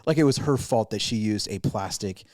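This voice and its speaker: A man's voice: on the low side, normal speed, a little mellow, dry recording, clean studio sound. A man, a pastor and podcast host, telling a self-deprecating story in casual chat with lots of restarts.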